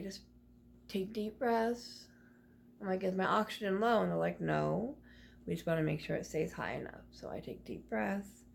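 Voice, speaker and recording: A woman's voice: lowish voice, gravelly, slightly rough. A woman vlogger speaking into her phone camera, telling a personal story in a rambling, confiding way with many restarts.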